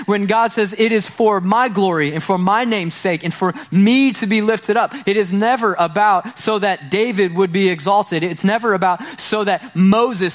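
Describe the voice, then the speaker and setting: A man's voice: sits high, fairly bright tone. A man preaching a sermon as pastor, earnest, repeating key phrases and tripping over repeated words.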